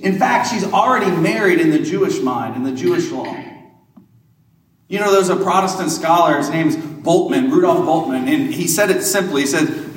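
A Catholic priest giving a homily in a conversational preaching style, asking rhetorical questions. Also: male voice, fairly high pitch, slight background noise. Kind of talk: sermon. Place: large church. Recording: echoey church hall, mic far off.

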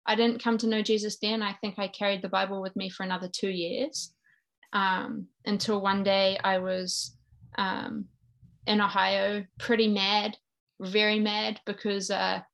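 A woman's voice: medium pitch, little pitch movement, a little slow, gravelly, fairly bright tone. A woman in her thirties from New Zealand, with a New Zealand accent, earnestly sharing her personal faith story as an interview guest. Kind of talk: personal faith testimony in conversation.

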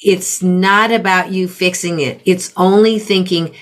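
Middle-aged woman, parenting coach, lowish voice, unhurried teaching delivery. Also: steady tone, fairly bright tone. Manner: measured, explains with example phrases. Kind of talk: conversational teaching.

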